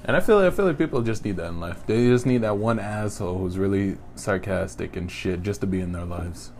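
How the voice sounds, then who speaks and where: A man's voice: fairly low pitch, lively intonation, a little fast, darkish tone, a little hiss or hum. Laid-back sarcastic male podcast co-host. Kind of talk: casual podcast chat.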